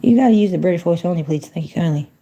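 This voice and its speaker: A woman's voice: lowish voice, animated, very fast, warm tone. A woman livestreaming from home in a folksy, chatty manner, talking to her viewers and to a phone voice assistant. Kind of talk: casual livestream chat.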